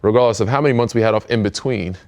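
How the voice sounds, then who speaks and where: Low steady american guy, talks fast, laid back podcast chat with lots of ums. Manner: relaxed, rambling, many fillers. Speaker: podcast host, pro basketball player. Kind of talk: casual chat.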